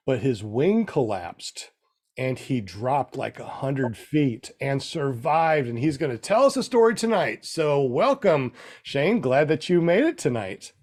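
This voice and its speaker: A man's voice: medium pitch, a little mellow. A man hosting a casual podcast over a video call, upbeat and thanking sponsors and panel members. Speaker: podcast host.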